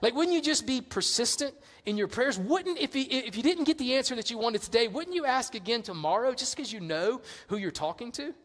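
A man preaching a sermon as a pastor, conversational and animated in his storytelling. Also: very high voice, brisk, hardly any pauses, long reverb tail.

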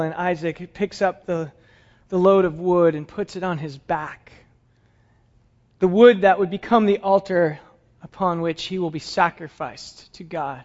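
A male pastor delivers a sermon as a dramatic story, often falling into hushed tones. His voice sits high, and the recording has a dull, lo-fi sound.

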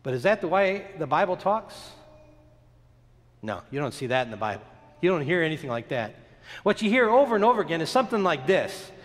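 A man preaching a sermon, telling a story with dramatic, emphatic pauses and a lot of expression. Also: a little high, sing-song, in a large hall. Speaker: pastor.

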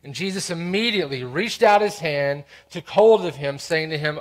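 A man's voice: on the high side, lively intonation, normal speed, hardly any pauses. A man preaching to a congregation as pastor, reading scripture aloud and explaining it with earnest, emphatic stress. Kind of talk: expository sermon.

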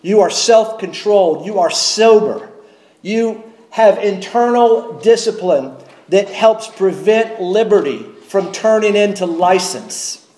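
A man preaching a sermon from the pulpit, measured and emphatic, slowing down to stress key words. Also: high voice, darkish tone, roomy sound, low-quality recording. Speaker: pastor. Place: church sanctuary.

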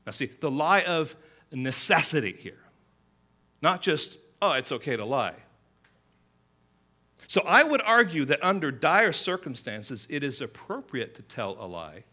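A male pastor preaching a sermon in an animated way, acting out quoted lines with a louder, higher voice. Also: unhurried. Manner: animated, acts out quotes with rising pitch and volume.

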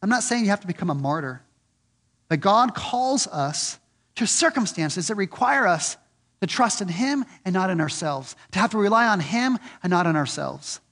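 A man preaching a sermon, earnest and repeating questions for emphasis, swinging from loud and lifted on key points to low and soft. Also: animated, moderate pace. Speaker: pastor.

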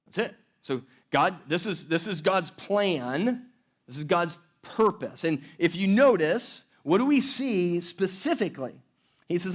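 A man's voice: high-pitched, expressive, unhurried. A man preaching a sermon as pastor, talking casually with many restarts and tag questions like "right?", and building energy as he teaches. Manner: conversational, rambling with restarts and "like, right?".

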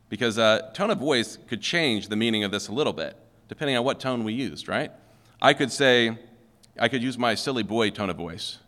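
A male pastor delivers a sermon conversationally, frequently asking "okay?" and posing questions to the congregation. His voice is on the low side and fairly bright, with lively intonation and a slightly quick pace. The recording has a long hall reverb.

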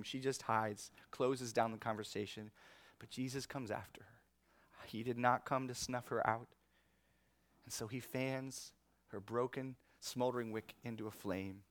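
A male pastor preaching a sermon in an animated, conversational way, chuckling often. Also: medium pitch, no echo. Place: church.

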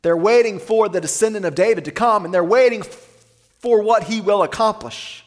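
A male pastor preaches a sermon in a high voice, and the sound rings in a long, reverberant hall. He asks his listeners rhetorical questions and slows down to read scripture aloud.

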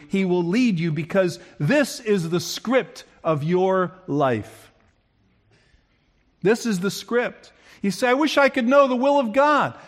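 High-voiced preacher acting out scripture. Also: male voice. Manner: dramatic, acts out quotes with big swings in pitch and loudness. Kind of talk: sermon.

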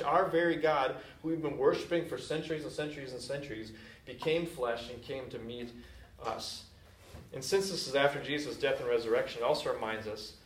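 Casual pastor with an echoey, distant sound. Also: male voice, fairly high pitch. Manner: casual storytelling, conversational with fillers. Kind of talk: sermon. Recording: echoey room from a distant mic.

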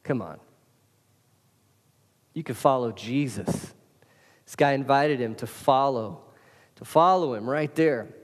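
Emphatic pastor preaching in a reverberant hall. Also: male voice, medium pitch, slow pace, long pauses. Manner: casual, emphatic preaching with direct address to listeners. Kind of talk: sermon.

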